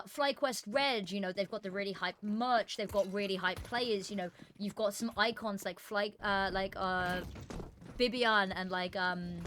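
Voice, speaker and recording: A woman's voice: mid-range voice, fairly bright tone, a little hiss or hum. A woman casting an esports qualifier on a live stream, chatting casually and rambling with fillers and self-deprecating asides.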